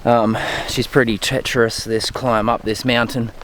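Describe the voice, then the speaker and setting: A man's voice: mid-range voice, flat delivery, moderate pace, a bit bright, a little hiss or hum. Breathless Australian man hiking uphill. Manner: breathless between phrases, talking while climbing. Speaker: hiking vlogger. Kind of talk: casual vlog narration. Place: outdoors on a steep mountain trail.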